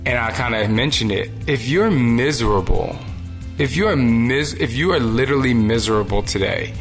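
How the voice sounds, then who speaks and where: A man's voice: mid-range voice, animated, normal speed, faint music behind. A man hosting a solo podcast, talking earnestly and conversationally about everyday decency, sometimes acting out little exchanges. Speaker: podcast host. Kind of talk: solo motivational podcast talk.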